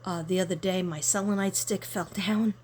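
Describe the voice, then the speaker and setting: A woman's voice: medium pitch, fairly even intonation, moderate pace, darkish tone, husky. A woman card reader chatting casually to camera, rambling through a story and talking to her viewers directly.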